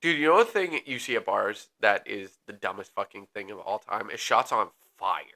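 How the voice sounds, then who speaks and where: Bright-voiced man reading ghost history. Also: on the low side, moderate pace. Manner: relaxed, reads facts with filler ums, jokes between. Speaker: podcast co-host. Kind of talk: casual chat, reading history notes.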